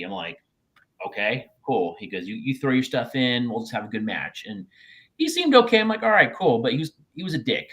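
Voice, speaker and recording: A man's voice: medium pitch, fairly quick. A man on a podcast telling a rambling, profane story from his wrestling days, acting out what people said. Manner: animated, profane anecdote-telling with acted-out quotes. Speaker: podcast co-host, former wrestler. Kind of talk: casual storytelling chat.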